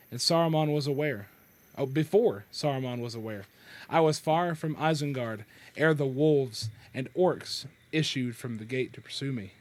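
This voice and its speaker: A man hosting a podcast, reading a novel aloud with commentary in a halting, self-correcting way with chuckles. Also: medium pitch. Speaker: podcast host.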